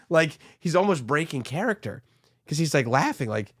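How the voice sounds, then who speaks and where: A man's voice: on the high side, very animated, a little slow, breathy edge, no echo, studio quality. A man co-hosting a podcast, telling a long story in casual chat and acting out the people in it. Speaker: podcast co-host.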